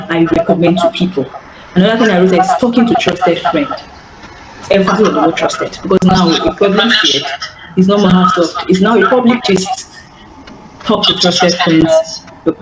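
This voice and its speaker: A woman giving an earnest, repetitive live coaching talk over call audio. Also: on the low side. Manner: earnest, repeats phrases, stammers on restarts. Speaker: healing coach. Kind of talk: live online teaching talk. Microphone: online call audio. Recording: echoey, noisy call audio.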